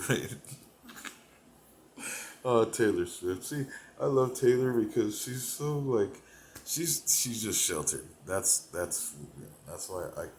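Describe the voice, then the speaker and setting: A man delivering a rambling, profane comedic monologue, meandering between thoughts, laughing to himself, and swinging between loud bursts and mumbled asides. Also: deep voice, roomy sound, slight background noise, poor audio. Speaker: comedic performer.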